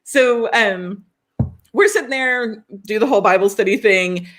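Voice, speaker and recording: A woman's voice: medium pitch, a little slow. A woman, co-hosting a podcast and telling a story in casual chat, laughing often and acting out the lines of the people in it. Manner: animated, laughing, acts out quoted dialogue. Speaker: podcast co-host.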